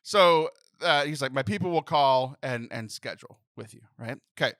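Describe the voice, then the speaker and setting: A man in his thirties hosting a podcast, telling a comic story with animated, laughing delivery and exasperated outbursts. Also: mid-range voice, normal speed, no echo, studio quality. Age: 30s. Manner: animated, laughing, acts out phone voices in exasperated bursts. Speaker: podcast host. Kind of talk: comedic storytelling chat.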